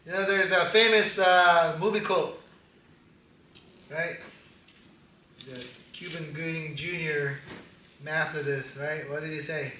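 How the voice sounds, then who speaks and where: A man preaching a casual sermon as pastor, animated and quick to laugh at his own jokes. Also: on the high side, a little hiss or hum. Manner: animated, laughing, joking asides. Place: church hall. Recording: echoey hall, distant mic.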